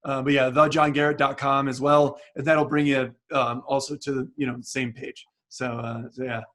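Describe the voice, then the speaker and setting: A man's voice: medium pitch, level tone, moderate pace, fairly bright tone. A man being interviewed about his book, talking casually over a video call with lots of fillers and restarts. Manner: chatty, many restarts and fillers. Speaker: guest author.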